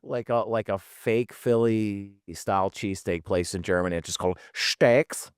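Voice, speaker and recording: A man's voice: on the low side, normal speed, clean tone, no room sound, studio quality. A man with a Philadelphia accent co-hosting a podcast in casual, profane banter, rambling and slipping into joking voices. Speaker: podcast co-host.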